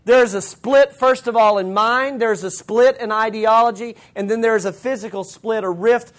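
A man's voice: high voice, fairly even intonation, normal speed. A man preaching a sermon, retelling scripture in casual everyday slang. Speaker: pastor.

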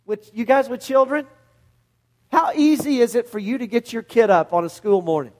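Man, pastor, sermon, high-pitched, animated storyteller, middle-aged. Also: normal speed. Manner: animated storytelling, acts out Bible scenes in voices.

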